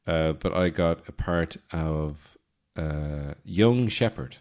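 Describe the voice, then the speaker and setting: An Irish man in his forties, hosting a podcast with a rambling, deadpan comic monologue full of fillers and restarts. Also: rumbling low, takes it slowly. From Ireland. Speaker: podcast host.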